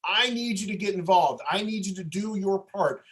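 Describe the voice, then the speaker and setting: A man's voice: high voice, moderate pace, fairly bright tone. A man voicing a grieving young wife who pleads with her husband to act, in an insistent, pleading way.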